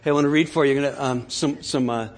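A man's voice: mid-range voice, fairly even intonation. A man preaching a sermon as pastor, speaking conversationally and often repeating words and restarting. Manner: soft slow prayer voice.

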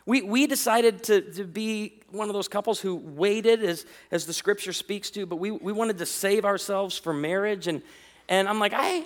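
A man in his thirties preaching a sermon, telling stories with jokes in an animated way. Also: high voice, moderate pace, big-room sound. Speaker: pastor.

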